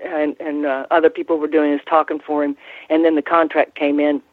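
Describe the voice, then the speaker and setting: A woman's voice: deep voice, little pitch movement, dry recording. An older woman recounts her years around the ring, stopping and restarting her sentences as she goes. Her voice comes through a narrow, tinny phone line. The sound is dry, with no room around it. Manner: halting, many restarts and fillers. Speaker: former ring announcer, guest. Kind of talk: casual interview storytelling.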